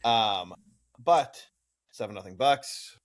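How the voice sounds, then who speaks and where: A man's voice: lowish voice, lively intonation, takes it slowly. A man hosting a casual podcast who cracks jokes and steers the talk to the games. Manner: wisecracking, steers the show back to betting. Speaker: host.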